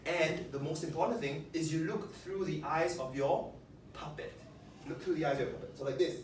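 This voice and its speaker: A facilitator teaching a puppetry workshop to a group, animated and coaxing, often asking the room questions. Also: mid-range voice, moderate pace, a little hiss or hum. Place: large room with a group of participants. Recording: echoey room, picked up from a distance.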